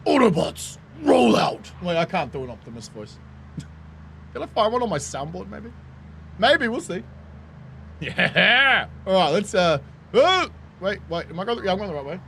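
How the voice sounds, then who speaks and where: Kiwi streamer chatting over gameplay, swears a lot, laughs heaps, real animated voice, faint hiss behind. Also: medium pitch, normal speed, long pauses. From New Zealand. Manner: swears freely, laughs often, chatty and joking. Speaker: game streamer. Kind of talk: casual gameplay commentary.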